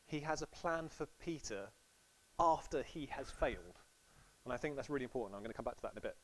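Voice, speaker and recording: A man's voice: mid-range voice, fast, poor audio. A man preaching a sermon in a casual, storytelling way, acting out quotes playfully.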